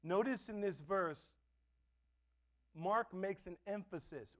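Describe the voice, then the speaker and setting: Male pastor, high voice, dynamic sermon delivery with sudden loud stresses and hushed asides. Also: a little slow. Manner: dynamic preaching, swinging between loud stresses and soft asides. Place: church.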